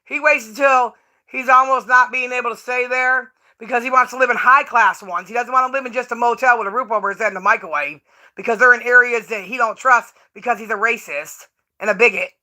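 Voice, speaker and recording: High, bright-voiced woman ranting. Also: fairly quick. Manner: profane, scornful ranting. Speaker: streamer. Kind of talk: ranting live stream commentary.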